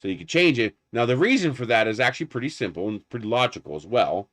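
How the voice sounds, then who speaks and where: A man hosting a loose, unscripted livestream, wandering from thought to thought in an easy, rambling way. His voice sits at an ordinary middle pitch, and he often breaks into laughter at his own jokes. The sound is dry and close, with no room echo around it. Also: expressive, fast talker, fairly bright tone. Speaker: livestream host. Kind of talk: casual livestream chat.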